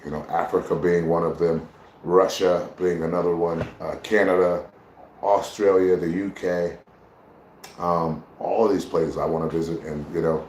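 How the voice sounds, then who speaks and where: A man's voice: deep voice, little pitch movement, moderate pace, darkish tone, slight background noise. A man chatting casually on a live stream, brash, profane and rambling as he talks to his viewers. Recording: roomy echo.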